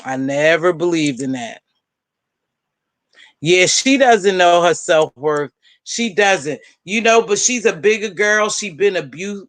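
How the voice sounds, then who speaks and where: A woman hosting a casual live-stream panel, chatting and gossiping in an animated way and calling out friends by name. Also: on the low side, takes it slowly, no room sound. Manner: animated, talks straight to viewers and friends by name. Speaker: panel host.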